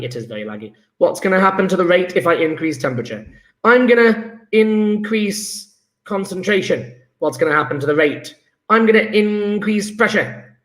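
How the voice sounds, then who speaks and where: A man teaching a chemistry lesson live online, enthusiastic and coaxing, praising students by name with quick asides. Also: high-pitched, fairly bright tone. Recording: roomy echo.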